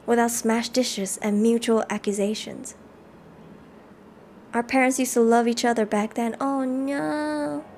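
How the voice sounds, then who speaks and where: A woman live-streaming a game, reading the story text aloud and chatting with viewers in an animated way. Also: a little high, measured pace, pauses often, slight background noise. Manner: animated, chatty, reads narration aloud between chat replies.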